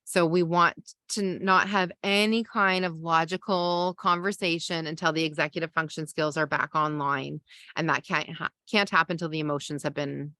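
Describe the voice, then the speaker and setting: A woman with a somewhat low voice coaches parents in a relaxed, conversational masterclass, full of fillers and everyday examples. The sound is dry and close, with no room echo. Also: normal speed. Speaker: parenting coach and podcast host. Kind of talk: teaching masterclass talk.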